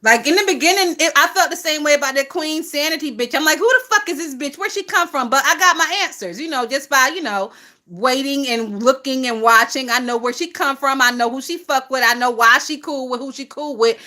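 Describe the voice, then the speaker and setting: A woman hosting a casual gossip livestream, talking in a lively, profane way and laughing often. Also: high voice, fairly quick. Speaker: livestream host.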